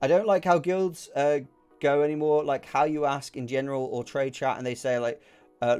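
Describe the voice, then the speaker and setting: A man's voice: mid-range voice, steady tone, normal speed, darkish tone, smooth, faint music behind. A young man, a gaming streamer, angrily ranting and swearing as he chats while he plays, often repeating himself. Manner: angry, profane, repeats himself.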